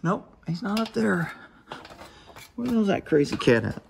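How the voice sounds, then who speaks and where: Rambling, cussing man with a higher voice. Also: big pitch swings, normal speed, gravelly, a little hiss or hum. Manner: rambling, profane, folksy. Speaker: vlogger. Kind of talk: casual chat. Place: outdoors by a yard and cat shack.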